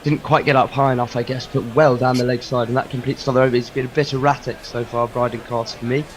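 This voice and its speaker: English bloke calling the cricket ball by ball, chatty, mid-pitched voice, faint hiss behind. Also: male voice, fast. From England. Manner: chatty and lively, calling play. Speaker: cricket commentator.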